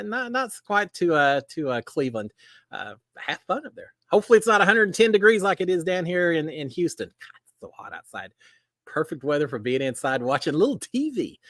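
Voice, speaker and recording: A man's voice: high voice, no echo. A middle-aged man from Texas with a Texas drawl, hosting a live stream and chatting casually with viewers in a folksy way with lots of fillers. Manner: folksy, animated, warm greetings with many fillers. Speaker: live show host.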